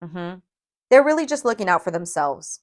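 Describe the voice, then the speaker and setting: A woman giving a tarot reading to viewers, emphatic and emotional, often checking in with a quick "okay?". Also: on the low side, very animated. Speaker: tarot reader.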